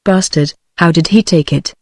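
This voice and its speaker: A woman's voice: on the low side, normal speed, no room sound, studio quality. A synthetic British woman reading a blunt royal soldier. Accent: British English. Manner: flat, unvaried synthetic delivery. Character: bold, blunt male soldier of royal blood.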